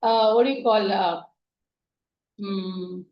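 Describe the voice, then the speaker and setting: A woman telling a spiritual story as a meditation teacher, unhurried and often checking in with "right?", recorded distant and echoey on a dull, lo-fi track. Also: medium pitch, steady tone.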